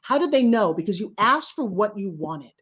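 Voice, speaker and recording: A woman's voice: mid-range voice, normal speed, breathy edge. A woman giving a motivational talk, addressing listeners directly and urgently and acting out little dialogues to make her points. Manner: animated, acts out little dialogues. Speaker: motivational speaker.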